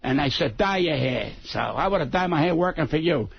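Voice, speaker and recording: A combative man in his seventies argues bluntly and profanely as a radio guest. His husky voice sits high and swings widely in pitch. The broadcast sound is dull and lo-fi. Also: expressive, a little fast, no room sound. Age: 70s. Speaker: comedian guest. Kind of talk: heated radio interview banter.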